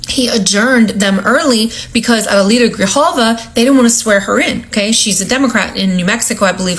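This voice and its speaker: A woman's voice: mid-range voice, a bit bright, low-quality recording. Woman, insistent commentary, keeps asking "okay?". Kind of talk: emphatic political commentary.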